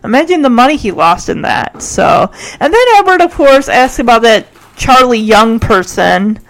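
A woman's voice: fairly high pitch, lively intonation, moderate pace, low-quality recording. A woman casually retelling a TV episode in a chatty way, leaning on "like" constantly. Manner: chatty, filler-heavy, frequent "like". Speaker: episode recapper.

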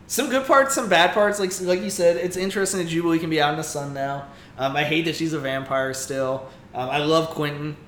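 Animated man recapping comics, bright voice. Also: fairly high pitch, brisk, echoey room, slight background noise. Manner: rambling, animated retelling with acted-out quotes. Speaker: podcast co-host. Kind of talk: casual comic book recap.

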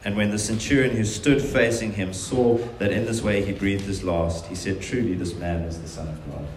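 A man's voice: fairly low pitch, fairly even intonation, moderate pace, slight background noise. A man preaching a sermon, earnest and emphatic, often voicing quotations in a stronger tone. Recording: very echoey room.

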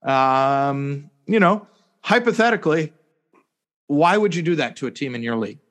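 A man's voice: on the high side, animated, normal speed, a bit bright. A man co-hosting a casual sports podcast, rambling through a sarcastic story full of fillers and mock-serious "hypothetically" asides. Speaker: podcast co-host.

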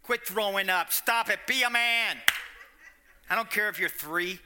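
A man playing a harsh father who scolds his sick toddler, loud and mocking. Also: high voice, a little slow, background noise. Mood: scolding.

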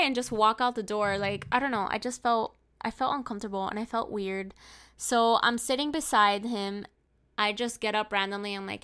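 A woman's voice: fairly high pitch, a little fast, bright, forceful tone, clean tone. A young woman casually telling a story to her viewers, swearing freely and acting out what each person said. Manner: profane, chatty, acts out quoted lines. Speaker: storyteller vlogger.

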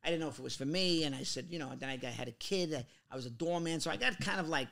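A middle-aged man from Queens, telling animated stories in a casual interview and acting out other people's voices. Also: a little high, racing, creaky. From Queens, New York. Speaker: guest actor.

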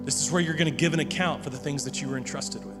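The pastor's fairly high voice comes rapid-fire as he preaches earnestly, frequently repeating words to press each point. Music plays behind him, and the sound has a long hall reverb.

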